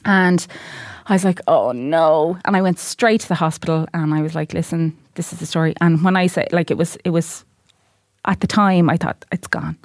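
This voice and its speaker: A woman's voice: lowish voice, brisk, no room sound. An Irish woman, a podcast guest, telling a personal story in casual chat and acting out the voices of people in it. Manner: animated storyteller, acts out quoted voices.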